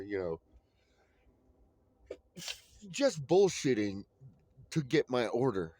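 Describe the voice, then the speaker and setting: A man's voice: medium pitch, sing-song, measured pace, a little mellow, dry recording. A man ranting in a vlog from a train, profane and rambling, full of fillers. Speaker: vlogger. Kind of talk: ranting monologue. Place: on a moving train. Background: train noise.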